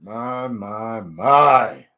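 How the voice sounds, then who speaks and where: Slow, playful man in his forties. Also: mid-range voice, bright, forceful tone. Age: 40s. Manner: slow, playful, talks to chat. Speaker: livestream host. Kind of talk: casual livestream chat.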